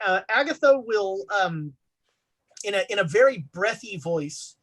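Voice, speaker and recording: A woman's voice: medium pitch, lively intonation, measured pace, fairly bright tone, poor audio. A woman running a tabletop horror game as game master, narrating with a lot of hesitation and fillers.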